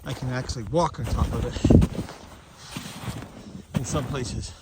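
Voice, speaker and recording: A chestnut farmer, a man, out of breath as he trudges through deep snow outdoors and explains his orchard in a plainspoken, casual way. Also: unhurried, heavy background noise. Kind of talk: casual walking vlog narration. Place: outdoors in a snowy hillside orchard.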